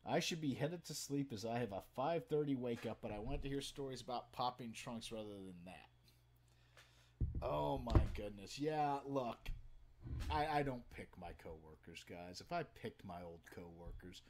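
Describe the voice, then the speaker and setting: A man telling stories to a live stream from his home den, profane and animated, swinging from loud outbursts to low mutters. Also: a little slow. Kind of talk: casual storytelling to a live chat. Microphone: webcam setup.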